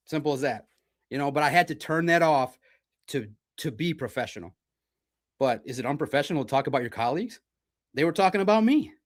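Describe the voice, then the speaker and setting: A man's voice: on the high side, a bit bright. A man from Detroit hosting a livestream sports podcast, talking in a blunt, combative and profane way. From Detroit, United States.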